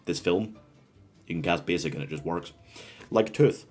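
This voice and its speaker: A man with a deep, low voice talks casually to camera about fan casting. He is chatty and self-mocking and often laughs at his own picks. Faint music plays behind him. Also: moderate pace, darkish tone, breathy edge. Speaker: host.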